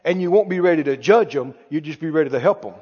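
In an echoey church hall, captured with dull lo-fi sound, a pastor preaches to a live congregation in a fairly high, husky voice, fast and animated. He stays emphatic, repeating key phrases and checking whether the listeners hear him.

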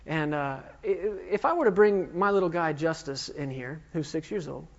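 A man in his thirties, a pastor, preaches a sermon in a slightly high, animated voice at normal speed, firing emphatic call-and-response questions at the congregation. The recording is dull and lo-fi, with long hall reverb.

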